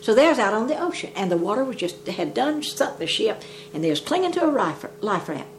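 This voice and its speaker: A woman's voice: medium pitch, very animated, fast, slight background noise. An older woman telling folk jokes in a rambling, folksy dialect. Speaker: storyteller.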